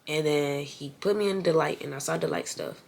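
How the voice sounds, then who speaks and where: A woman's voice: low-pitched, a little fast, creaky, darkish tone, a little hiss or hum. A young woman with a stuffy nose talking earnestly and casually to her viewers in a vlog. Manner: earnest, talks straight to viewers as y'all. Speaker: vlogger.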